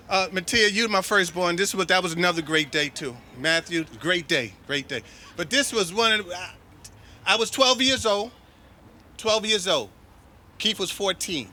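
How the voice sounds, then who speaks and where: A man's voice: on the high side, bright, forceful tone, slight background noise. A middle-aged man from New York City hosting a memorial gathering, joking and commanding as he invites people up. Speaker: master of ceremonies at a memorial.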